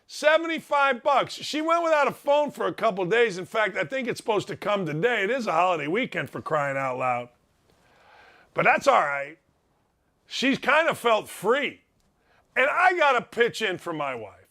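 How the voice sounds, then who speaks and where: Excitable man telling stories, higher voice. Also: normal speed. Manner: excitable storyteller, self-mocking, repeats phrases for effect. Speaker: sports show host. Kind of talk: animated casual monologue.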